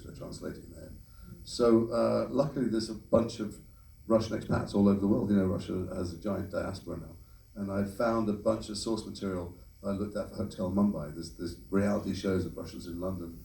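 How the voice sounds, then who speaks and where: A fast-talking man with a low, gravelly, mellow voice answers questions from a convention panel. He sounds distant from the mic in an echoey hall, with faint noise behind him.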